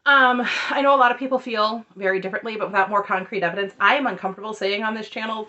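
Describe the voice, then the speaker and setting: A woman's voice: mid-range voice, fairly even intonation, racing, few pauses, sharp tone, highs cut off. A woman giving casual, sarcastic recap commentary on reality TV, with chatty asides, recorded at home under a ring light.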